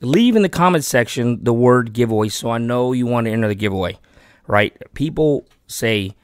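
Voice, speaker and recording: Excitable fishing vlogger man, dry sound. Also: medium pitch, normal speed, clean tone, dry recording. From Texas. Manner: chatty and excitable, talks himself out of keeping the gear. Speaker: fishing channel host. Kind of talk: casual giveaway vlog talk.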